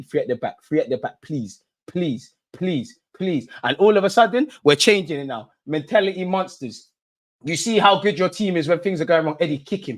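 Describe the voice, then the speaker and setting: A young man calls a football match live for his viewers as an excitable, one-sided fan. His voice sits a little higher than most men's. He chats in loose street slang and talks straight to the people watching along.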